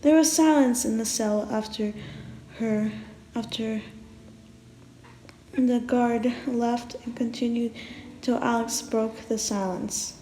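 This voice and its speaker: Slow-talking woman telling a story. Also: on the high side, fairly even intonation, dark tone, echoey room, a little hiss or hum, poor audio. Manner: chatty, restarting words, talking to the viewer. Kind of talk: casual story narration.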